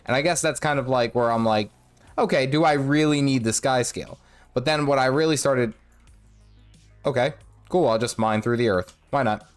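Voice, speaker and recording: A man's voice: mid-range voice, moderate pace, clean tone, faint music behind. A man streaming a video game in a casual, rambling way, correcting himself and humming to himself, with a sore, cracking throat. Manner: rambling, self-correcting, hums and sings nonsense to himself. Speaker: gaming streamer. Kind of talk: casual live-stream commentary while playing.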